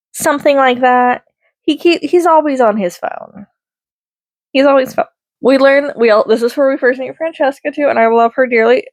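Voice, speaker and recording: A woman gives a casual spoken film review, rambling, correcting herself mid-sentence, and throwing in chatty asides. Her voice sits on the high side, with no room sound.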